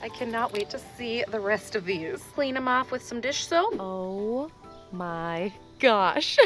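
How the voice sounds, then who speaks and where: A young woman hosting a casual hobby vlog, excitable and quick to gasp and laugh. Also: on the high side, faint music behind. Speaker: rock tumbling channel host.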